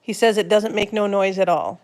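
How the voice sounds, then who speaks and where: A woman's voice: mid-range voice, fairly even intonation, a little fast, a little mellow. A woman hosting a casual livestream, reading out viewer comments and repeating words back in a playful, questioning way. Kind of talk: casual live-stream chat.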